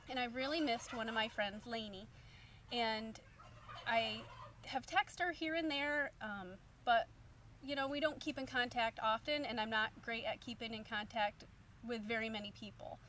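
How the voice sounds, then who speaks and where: A woman's voice: fairly high pitch, fairly bright tone. Chatty woman vlogger, mic far off. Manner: chatty, upbeat, lots of fillers. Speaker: vlogger, stay-at-home mom. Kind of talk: casual storytelling to camera. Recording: distant mic, faint background hum.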